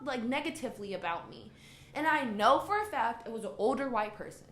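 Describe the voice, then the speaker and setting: A woman's voice: high-pitched, expressive, fairly quick, fairly bright tone. A woman co-hosting a podcast, a native Spanish speaker, talking casually and ranting heatedly with a lot of swearing. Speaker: podcast co-host. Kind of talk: casual chat. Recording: roomy echo.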